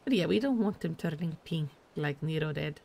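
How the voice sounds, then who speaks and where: A woman's voice: low-pitched, expressive, moderate pace, creaky, a little mellow, faint music behind. A woman streaming a game, chatting casually between lines of game dialogue she reads aloud, with lots of "like".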